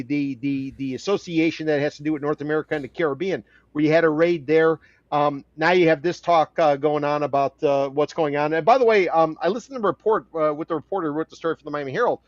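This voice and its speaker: A man's voice: fairly high pitch, no room sound. A man co-hosting a podcast in casual chat, rambling with lots of fillers and restarts. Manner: rambling, with many fillers and repeats. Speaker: podcast co-host. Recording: dry, slightly dull audio.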